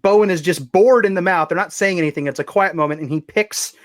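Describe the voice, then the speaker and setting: A man with a slightly higher voice talks about a film in a loose, jokey way, trailing off and restarting as he goes. The sound is dry and close, with no room in it. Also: quick pace, no echo. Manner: jokey, rambling, lots of restarts. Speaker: podcast guest. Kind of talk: casual film discussion.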